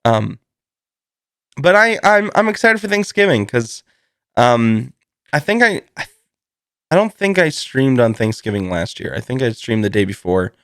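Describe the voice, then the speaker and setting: A man's voice: mid-range voice, sing-song, a little slow, long pauses, a bit bright, clear, resonant tone, dry recording, clean studio sound. A man hosting a casual solo podcast, joking and swearing freely and laughing often. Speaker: podcast host.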